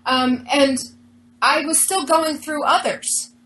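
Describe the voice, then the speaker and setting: Earnest, higher-voiced woman telling her story. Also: takes it slowly, poor audio. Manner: earnest, animated retelling with quoted dialogue. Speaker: interview guest. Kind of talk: personal storytelling in an interview.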